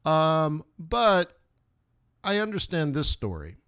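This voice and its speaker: A man's voice: a little high, very animated, slow, fairly bright tone, smooth. A man hosting a live forex trading stream, talking casually through his charts with jokes and lots of fillers. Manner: rambling, joking, many fillers.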